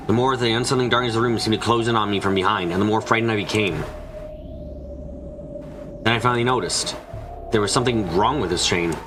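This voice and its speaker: A man reading a visual novel aloud on a let's play stream, giving the narration and the heroine's lines in his own voice. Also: fairly low pitch. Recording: music playing behind.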